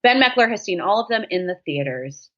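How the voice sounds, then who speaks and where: A woman's voice: medium pitch, brisk. A woman guest in casual chat, telling jokey stories with plenty of swearing. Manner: profane, jokey, animated storytelling. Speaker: podcast guest. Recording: dull lo-fi sound.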